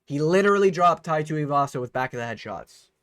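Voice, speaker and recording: A man's voice: fairly high pitch, animated, fairly quick, a bit bright, slight background noise. A man hosting a vlog breakdown of a fight card, ranting heatedly with plenty of swearing. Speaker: host.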